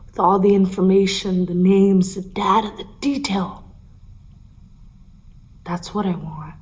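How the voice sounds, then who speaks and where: Brief: young actress as a vengeful woman, intense, slips into hissed whispers, mid pitch. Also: steady tone, a little slow, a little mellow, natural voice, rough recording. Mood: cold, intense. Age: young adult. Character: bitter, vengeful grown woman bent on a confession. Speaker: actor. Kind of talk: stage monologue.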